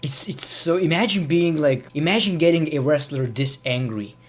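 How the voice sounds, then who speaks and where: Excitable male YouTuber rambling over clips, voice sitting a bit high. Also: moderate pace, a little hiss or hum. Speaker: YouTube commentator. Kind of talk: casual reaction commentary.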